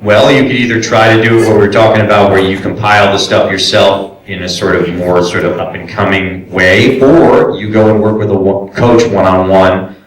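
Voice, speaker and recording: Deep-voiced man teaching a convention panel. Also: steady tone, normal speed. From Brooklyn, New York. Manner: chatty, explanatory, with many fillers. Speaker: voice acting panelist. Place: large echoey convention room. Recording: echoey room, voice from far off.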